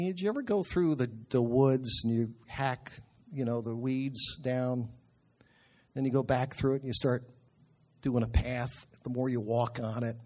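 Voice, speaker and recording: A middle-aged man preaching in an earnest, conversational way, slowing down to quote scripture. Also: mid-range voice. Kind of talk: sermon.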